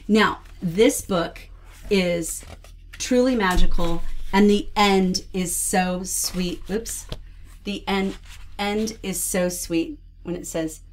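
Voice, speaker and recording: A woman's voice: lowish voice, slow, a little hiss or hum. A woman hosting a casual book review, talking enthusiastically and expressively as she shares read-aloud tips. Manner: enthusiastic, expressive, gushing about books. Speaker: host reviewing children's books.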